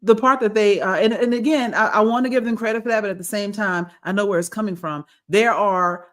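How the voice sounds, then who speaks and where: A woman's voice: mid-range voice, a little fast. A woman co-hosting a podcast, chatting casually about politics in a rambling way, often restarting her sentences. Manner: rambling, with restarts and quoted voices. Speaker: podcast co-host.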